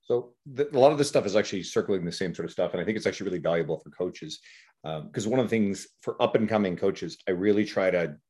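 Man, very deep voice, quick pace, blunt, casual podcast talk. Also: a little mellow, slightly rough. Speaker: coach, podcast co-host. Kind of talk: casual chat.

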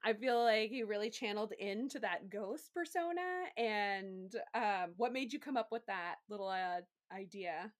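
A woman from California hosting a casual interview, chatty and quick to laugh as she acts out quotes. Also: mid-range voice, expressive. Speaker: podcast host.

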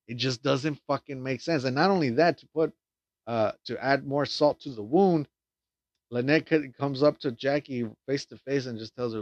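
A man's voice: medium pitch, normal speed, no room sound. Rambling man recapping a film, swearing. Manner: rambling, full of fillers and restarts, swears often. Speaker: film reviewer. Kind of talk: casual plot recap and review. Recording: dull lo-fi dry sound.

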